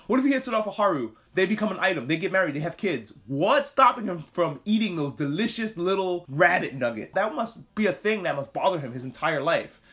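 A man from New York hosting a casual podcast recap, with profane, animated, rambling commentary. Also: high voice, brisk, few pauses. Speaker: podcast host. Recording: muffled lo-fi recording.

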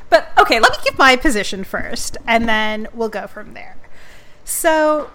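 A woman's voice: a little high, lively intonation, measured pace, bright, forceful tone, a little hiss or hum. Canadian woman hosting a podcast, jokey, laughs a lot, easygoing chat. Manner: chatty and joking, laughs often. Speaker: podcast host.

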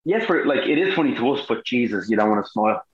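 Speaking quickly at a medium pitch, this Irish man is an actor being interviewed as a guest. He tells stories in a lively, casual way and performs the quotes himself. The lo-fi recording has noticeable reverb.

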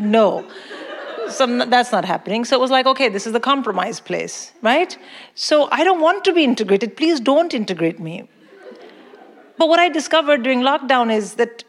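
Woman from india doing stand-up, kinda high voice, loud and mock-outraged, long hall echo. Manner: brash, emphatic, mock-indignant delivery. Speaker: stand-up comedian. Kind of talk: stand-up comedy set. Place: large concert hall with live audience. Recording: hall reverb, audience laughter.

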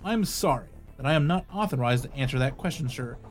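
A man's voice: medium pitch, expressive, fairly quick, faint music behind, lightly acted. A man reading the lines of a white-haired older male newspaper editor who is cagey about his sources, with a thin, quivering voice. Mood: evasive. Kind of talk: reading quoted dialogue aloud.

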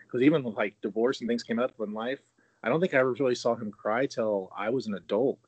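A man in his thirties chats loosely on a casual podcast, laughing easily and restarting his sentences often. His medium-pitched voice is fast and has a breathy edge. The recording has no echo, and the highs are cut off.

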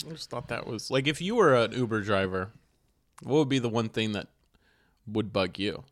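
A man's voice: fairly low pitch, expressive, normal speed, dry recording, studio quality. A man co-hosting a podcast in casual chat, telling stories with frequent laughter and acting out the people he met. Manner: storytelling, laughs often, acts out drivers. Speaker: podcast co-host.

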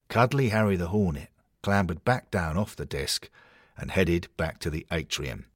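Husky, wry male storyteller. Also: low voice, normal speed, no echo, clean studio sound. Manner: wry, deadpan, detailed. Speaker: narrator. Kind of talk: comic storytelling narration.

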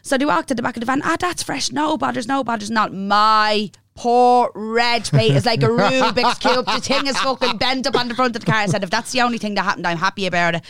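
A woman's voice: on the high side, brisk, few pauses, no echo, studio quality. Sweary young Irish woman telling a story. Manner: sweary, animated, playful impressions of others. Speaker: podcast co-host. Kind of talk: casual storytelling chat.

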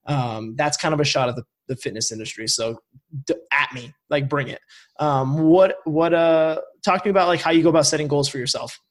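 A man's voice: on the high side, a little fast. A young man from Vermont hosting a casual podcast chat, rambling with lots of fillers. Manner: rambling, filler-heavy, laughs easily. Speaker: podcast host.

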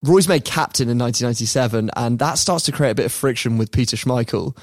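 A man hosting a podcast, telling a story in a lively casual way and often laughing. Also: mid-range voice, quick pace, no echo, clean studio sound. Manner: lively, laughs often, mimics people in quotes.

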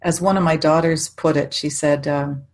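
A woman's voice: sits low, steady tone, normal speed, a little mellow. A middle-aged woman, a psychic medium, telling chatty stories in casual conversation, often laughing and restarting her sentences.

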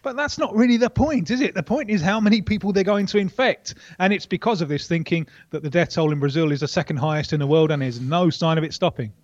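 A man reporting down a line as a football correspondent, talking in a wry, animated way with many restarts. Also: high voice, fast talker, few pauses, dry recording, lo-fi sound. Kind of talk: radio interview.

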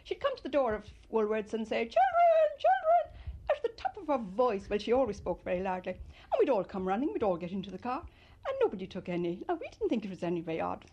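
An older woman from Ireland, fondly recalling her childhood in an interview and telling it in an animated way. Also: mid-range voice, quick pace, lo-fi sound, slight background noise. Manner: fond, animated storytelling with loud mimicry. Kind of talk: reminiscing interview.

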